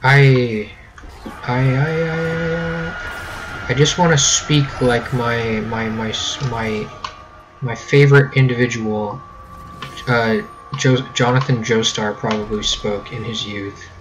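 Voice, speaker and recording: Slow and fairly even in intonation, this young American man's mid-range voice drives a laid-back let's-play. He rambles and jokes, throwing in mock-British catchphrases, with a faint background hum.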